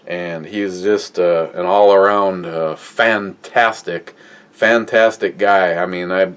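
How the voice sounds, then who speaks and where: Guy from minnesota rambling through a story, lots of uh's, swears a bit, lowish voice. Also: fairly even intonation, slow pace, a bit bright, clean tone. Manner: rambling, many filler words and restarts, swears casually. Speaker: podcast co-host. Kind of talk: casual storytelling.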